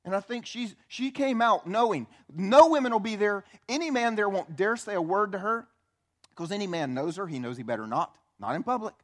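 Preaching as a pastor, a high-voiced man moves briskly through the story. He keeps it animated and conversational, acting out quotes and asking his listeners questions.

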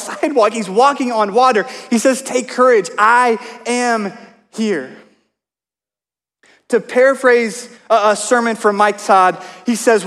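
High-voiced man preaching in a hall. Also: fairly bright tone. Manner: storytelling, conversational with asides. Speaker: pastor. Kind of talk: sermon. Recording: long hall reverb.

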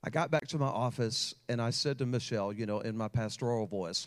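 A man's voice: medium pitch, fairly quick. Man preaching a heartfelt sermon. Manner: storytelling with rising emotional intensity. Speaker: pastor.

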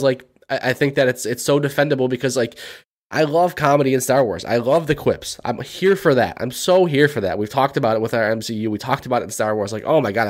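A man co-hosting a movie podcast in casual chat, rambling with many restarts. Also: medium pitch. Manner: rambling, lots of restarts and repeated words. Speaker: podcast co-host.

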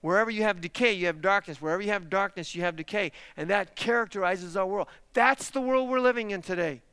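A man delivers a church sermon, driving his points home with repeated questions and sudden emphatic rises. His voice sits high and sounds sharp and bright. The sound is dry and close, with no room echo. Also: quick pace, clean tone. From parents lived in Texas. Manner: emphatic preaching with rhetorical questions. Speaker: pastor.

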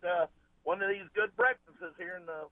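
A man's voice: sits high, lively intonation, moderate pace. Man calling in by phone. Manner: rambling, folksy, restarts often. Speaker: caller. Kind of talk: casual call-in chat. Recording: tinny phone line.

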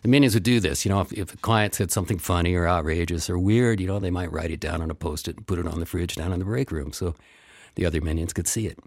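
A man's voice: low voice, fast talker, dry recording, studio quality. A man telling a first-person story in a wry, meandering way, repeating phrases for effect.

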